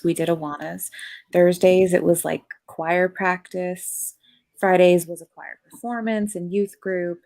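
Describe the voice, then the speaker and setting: A woman's voice: fairly low pitch, vocal fry, a little mellow. A woman on a podcast panel, talking candidly and rambling with many fillers in casual chat.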